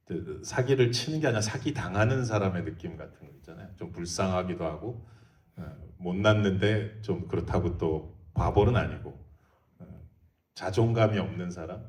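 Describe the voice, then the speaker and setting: A middle-aged Korean-accented film director answers audience questions in a deep, low voice. He talks very fast, laughing and restarting his English sentences. He sounds far from the mic in a big echoey hall. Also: a little mellow. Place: large theater hall.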